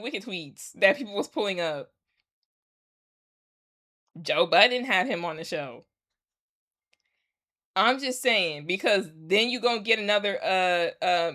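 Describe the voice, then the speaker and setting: A woman vlogger rants casually to her followers to camera, emphatic and sarcastic, repeating her points. Her mid-range voice is bright with a forceful tone.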